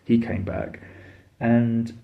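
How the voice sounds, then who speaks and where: A man's voice: medium pitch, level tone, drawn-out words, gravelly, lo-fi sound. A man tells a travel story in a casual, blunt and sweary way, full of fillers and exasperation. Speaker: travel vlogger.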